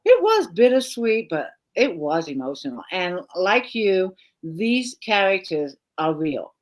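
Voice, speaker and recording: Lower-voiced woman hosting a video-call chat, easygoing, quick "mm-hmm"s between questions. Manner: relaxed, reads out viewer questions, quick affirmations. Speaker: host. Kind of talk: live video chat interview.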